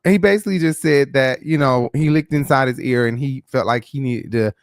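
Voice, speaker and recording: A man's voice: mid-range voice, brisk, no room sound, clean studio sound. A man hosting a casual gossip show, giving blunt, profane opinions in a loose, chatty way. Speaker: host.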